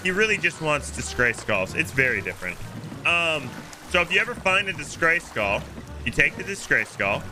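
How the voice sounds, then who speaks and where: A man's voice: a little high, background noise. A young man hosting a game stream, chatting casually with friends in a playful, joking way and slipping into mock-solemn preaching. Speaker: streamer and host. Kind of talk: casual gaming chat with friends.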